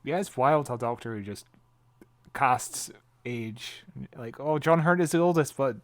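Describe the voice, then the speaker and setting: A man's voice: medium pitch, unhurried, no room sound. A man co-hosting a podcast in casual chat, wry and joking, laughing at his own asides. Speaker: podcast co-host.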